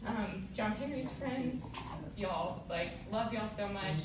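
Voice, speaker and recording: A woman's voice: mid-range voice, takes it slowly. A young woman giving a grateful, emotional wedding speech as the bride. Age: young adult. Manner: grateful, emotional, says y'all often. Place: indoor party venue. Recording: echoey room from far off, loud party noise.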